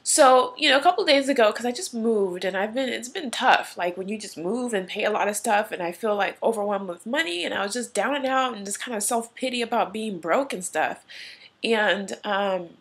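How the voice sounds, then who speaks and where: A woman's voice: mid-range voice, moderate pace. A young woman telling a story in a candid home vlog, emotional and teary, rambling with many fillers. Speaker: vlogger. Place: at home in her room.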